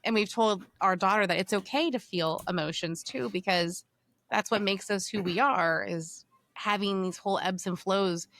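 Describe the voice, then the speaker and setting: A woman's voice: medium pitch, normal speed, fairly bright tone, no room sound. A woman in her thirties hosting a podcast interview, talking in an emphatic, casual way. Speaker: podcast host.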